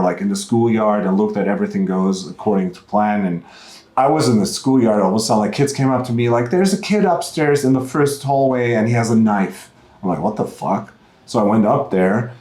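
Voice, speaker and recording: German man, roomy echoey sound. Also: on the low side. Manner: candid, animated storytelling with many fillers. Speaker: podcast guest, musician. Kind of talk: casual conversation. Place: in person at a music festival.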